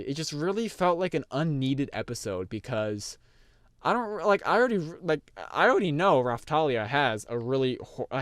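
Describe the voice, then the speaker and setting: Rambling young man, smooth and dry. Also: mid-range voice, fairly bright tone, dry recording. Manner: rambling, lots of fillers and restarts. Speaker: anime reviewer. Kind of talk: casual rambling review over gameplay.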